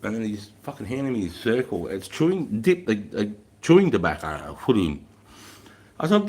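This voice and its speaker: A man's voice: lowish voice, very animated, a little fast, a little mellow. An Australian man in his thirties, chatting casually on a livestream, telling rambling stories and swearing freely. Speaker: livestream guest. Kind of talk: casual chat.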